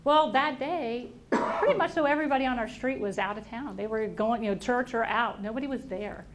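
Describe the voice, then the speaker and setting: High-pitched woman telling a personal story. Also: a little fast. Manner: animated storyteller acting out quoted voices. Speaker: invited speaker. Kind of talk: personal story told to an audience. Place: auditorium at a workplace event.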